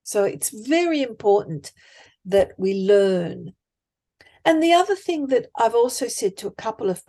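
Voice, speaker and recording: A woman life coach, speaking emphatically and deliberately as a podcast guest. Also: mid-range voice, warm tone. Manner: emphatic, deliberate, acts out example thoughts. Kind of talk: conversational coaching talk.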